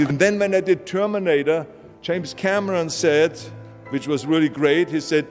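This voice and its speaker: This Austrian man, speaking with his native accent, has a fairly high voice and a moderate pace. He's a motivational speaker addressing a large hall, emphatic, blunt and plain-spoken, with hall reverb and music beneath him.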